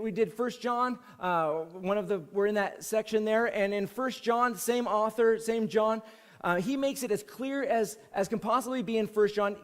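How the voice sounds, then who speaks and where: A man preaching a sermon as senior pastor, in a conversational way that repeats key phrases for emphasis. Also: high-pitched. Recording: long hall reverb.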